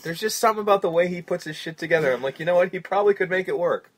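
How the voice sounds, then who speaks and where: A man from Canada with a husky, slightly raised voice talks loosely on a podcast. He rambles and swears to drive his points home. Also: sits high, rapid-fire. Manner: rambling, profane, emphatic. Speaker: podcast co-host. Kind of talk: casual wrestling chat.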